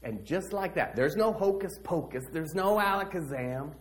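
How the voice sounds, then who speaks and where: A man's voice: fairly high pitch, moderate pace, lightly acted. A man playing Bartimaeus, brash streetwise beggar. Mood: excited. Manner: slangy, animated first-person storytelling. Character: streetwise blind male beggar, brash and eager. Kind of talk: dramatic monologue in a church service.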